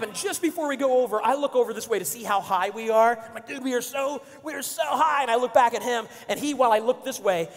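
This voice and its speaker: A man in his forties tells stories from the pulpit, playful and animated, acting out his friends' voices. His voice sits high for a man. It rings out with a long hall reverb from the church auditorium. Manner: animated, playful, acts out friends' lines with shouts and laughs. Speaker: pastor. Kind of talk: storytelling sermon.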